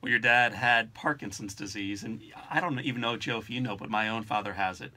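A man hosting a podcast, talking in a warm, emphatic way as he sets up a story for his guest. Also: lowish voice, a little fast. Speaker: podcast host. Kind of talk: interview conversation.

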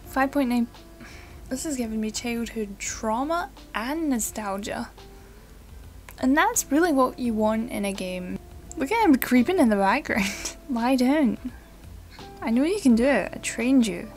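A young woman giving casual, excitable commentary while playing a video game, giggling and swearing now and then. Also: on the high side, a little slow, long pauses, faint music behind. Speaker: let's play gamer.

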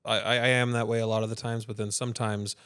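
A man's voice: on the low side, little pitch movement, fast talker, fairly bright tone, no room sound, studio quality. A father co-hosting a podcast in casual chat, rambling through stories and acting out what people said. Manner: rambling storyteller who acts out quotes in other voices.

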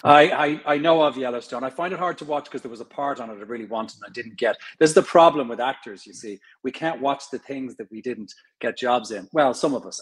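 A middle-aged man with an Irish accent, an actor talking as a guest in an interview, thoughtful, pausing with fillers and restarts. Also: mid-range voice, slightly rough, rough recording. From Ireland. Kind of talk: conversational interview.

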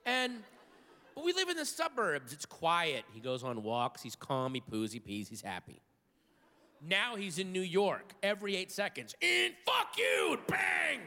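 A man doing a stand-up comedy routine on a theater stage, telling stories with sudden shouted outbursts. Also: a little high, huge pitch swings, normal speed. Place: large theater stage with live audience. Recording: live hall recording with crowd.

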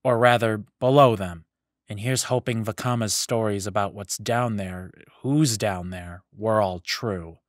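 Brief: a man reading a no-nonsense storybook hero, low, clipped and firm. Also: measured pace, dry recording, clean studio sound, close to an everyday voice. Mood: resolute. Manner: curt, commanding, low-key. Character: determined male hero of light, blunt and brisk.

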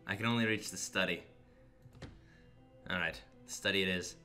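A man's voice: low-pitched, moderate pace, pushed and bright, clean tone, soft background music. A man hosting a casual board game over a voice call, playful and theatrical with mock-serious lines. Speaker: game host.

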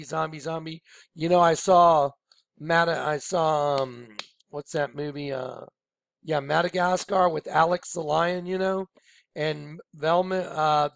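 Male presenter, rambling emphatic commentary, gravelly, dry close sound. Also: fairly high pitch, no echo. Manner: emphatic, rambling, repeats himself. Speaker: online video presenter. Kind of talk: casual commentary over on-screen images.

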